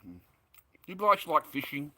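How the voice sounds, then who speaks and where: Australian bloke vlogging, rambling and chatty, bright tone, easy laugh. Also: male voice, a little high, sing-song, measured pace. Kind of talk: casual chat to camera.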